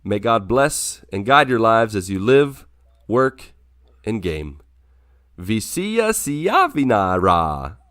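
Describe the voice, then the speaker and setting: A man's voice: fairly low pitch, slow pace, a bit bright, dry recording, clean studio sound. A man hosting a casual podcast, joking around and wrapping up the show with playful sign-offs. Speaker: podcast host.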